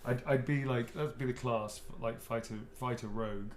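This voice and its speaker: A middle-aged actor, a guest signing autographs, chats casually and rambles in a relaxed way, laughing often. His voice is mid-range and his speed normal. The room echoes, with a faint hum behind him.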